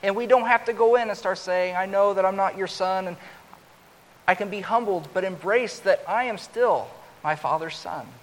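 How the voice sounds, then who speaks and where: Man preaching in a reverberant hall. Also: normal speed. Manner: rises loud and high when acting out the older son's complaint. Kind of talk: sermon. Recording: long hall reverb with faint hiss.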